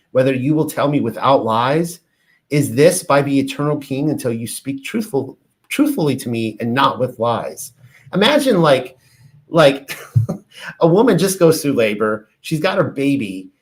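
A man teaching on ancient religious texts, reading passages aloud and then explaining them in a casual, filler-laden way. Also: mid-range voice. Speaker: bible teacher.

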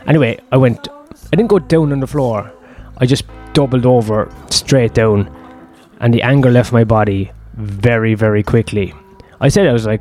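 A man's voice: medium pitch, moderate pace, a little mellow, faint music behind. A man, telling a long personal story in a rambling, profane, self-deprecating way. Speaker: host.

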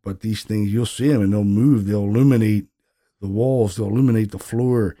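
A man's voice: lowish voice, steady tone, normal speed, warm tone. A middle-aged man casually recounting a paranormal investigation in a rambling, laid-back way, with the odd profane aside. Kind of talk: casual storytelling monologue.

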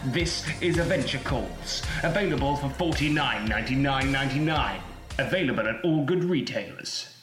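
A man narrating a mock fantasy game advert in a slow, dramatic announcer style. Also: medium pitch, animated, fairly bright tone, lightly acted. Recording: echoey with music bed.

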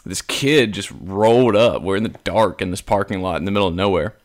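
Young man telling stories in a lively way. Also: sits low, fairly quick. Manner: animated storyteller, acts out quotes in a raised voice. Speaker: podcast co-host. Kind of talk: casual chat.

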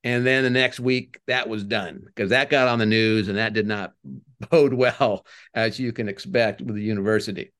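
Smooth-voiced older man telling ballpark stories. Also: lowish voice, moderate pace. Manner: rambling, animated when retelling crowd chants. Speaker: former head baseball coach, guest. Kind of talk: casual podcast interview, storytelling.

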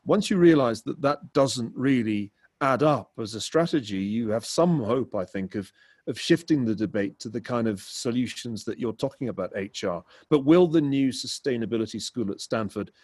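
A man on a panel discussion, speaking at a measured pace with frequent "uh" fillers. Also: mid-range voice, lively intonation, darkish tone, husky, no echo.

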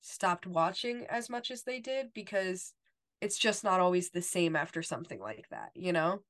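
A woman's voice: lowish voice, normal speed. A young woman co-hosting a podcast, chatting casually and retelling scenes at length. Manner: retells scenes at length, quoting lines in a soft flat read. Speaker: podcast co-host. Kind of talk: casual chat recapping a TV episode.

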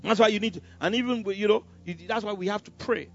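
A male pastor preaching an emphatic, animated sermon, laughing often. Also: high voice, quick pace, vocal fry, lo-fi sound, soft background music.

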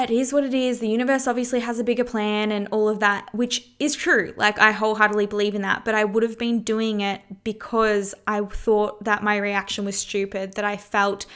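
A woman's voice: mid-range voice, a bit bright, clear, resonant tone. Candid, swearing woman podcast host. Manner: frank and candid, swears freely; chatty, many fillers like "you know" and "like". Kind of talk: casual solo podcast talk.

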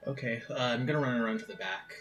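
A man taking part as a player in a tabletop role-playing game, eagerly thinking his moves through out loud. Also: medium pitch, fast talker, faint music behind. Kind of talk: casual tabletop game play.

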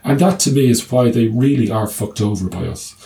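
A middle-aged man, a doctor, talks through his clinic work in a relaxed interview. His voice is warm and mellow, and he often trips over restarts before settling into stories told with dry humour. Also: mid-range voice, brisk, gravelly. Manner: hesitant restarts, anecdotes with quoted dialogue and humour. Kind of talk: conversational interview answer.

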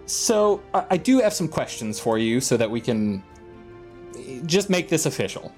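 A man's voice: mid-range voice, very animated, moderate pace, darkish tone, faint music behind. A man voicing an impatient female starship captain in a tabletop game, dry and businesslike.

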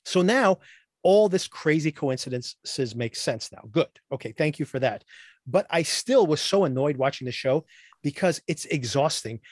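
A man hosting a podcast, ranting about a TV show in animated casual chat and mimicking characters in quick asides. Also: a little high, no room sound, studio quality. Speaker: podcast host.

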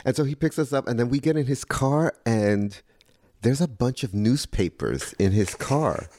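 A man's voice: mid-range voice, expressive, normal speed, a little mellow, no room sound, clean studio sound. A man in casual conversation, telling a story and mimicking people's voices in quotes. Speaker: guest.

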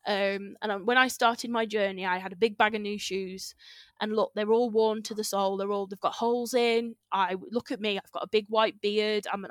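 A woman's voice: medium pitch, fairly bright tone, no echo, clean studio sound, lightly acted. A woman voicing a clever old male cobbler in a folk tale, who speaks in a folksy, patient, persuasive way.

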